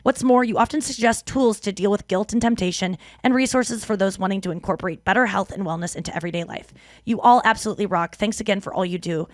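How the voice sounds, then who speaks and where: Female podcast host, casual and animated, reads fan mail with asides, dry close mic. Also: mid-range voice, fast talker, dry recording. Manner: animated, laughing, reads letters aloud with asides. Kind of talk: casual podcast chat, reading listener mail.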